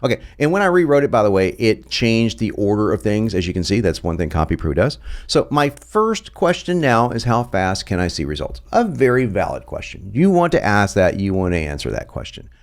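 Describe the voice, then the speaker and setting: Animated man teaching with many laughs. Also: lowish voice, brisk, hardly any pauses. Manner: animated, laughs often, restarts sentences. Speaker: copywriting teacher. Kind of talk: casual screen-share lesson.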